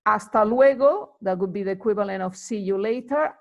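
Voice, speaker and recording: A woman's voice: mid-range voice, a little fast, few pauses. A woman giving a casual, rambling lesson, full of fillers as she explains greetings. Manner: chatty and rambling, many fillers. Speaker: Spanish teacher.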